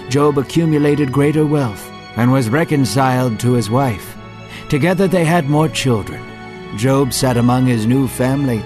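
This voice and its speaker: A man narrating a Bible story in an earnest, dramatic scripted style. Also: medium pitch.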